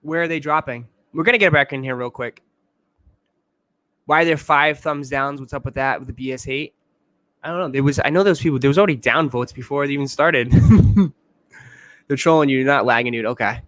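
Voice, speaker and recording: A man's voice: medium pitch, moderate pace, fairly bright tone, no room sound. A man hosting a casual livestream chat, joking around and often repeating himself. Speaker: host.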